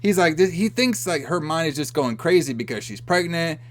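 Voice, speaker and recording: A man co-hosts a podcast, casually going over a movie and acting out the characters' lines, swearing and laughing along the way. His voice is on the high side, animated, at a moderate pace.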